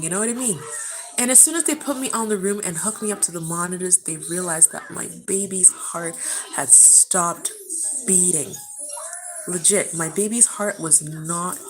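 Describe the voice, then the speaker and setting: A woman's voice: mid-range voice, a bit bright, rough recording. A woman vlogger telling a personal story to camera at home in a casual, passionate and emotional way, often calling her viewers "guys.". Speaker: vlogger answering viewer questions.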